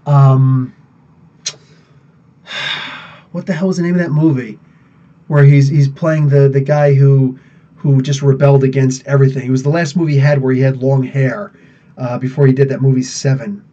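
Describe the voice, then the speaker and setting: Hosting a live podcast stream, a man chats casually with viewers, rambling, animated, and laughing often as he answers them. His voice is medium in pitch, at a moderate pace with frequent pauses. The recording has a dull, lo-fi sound.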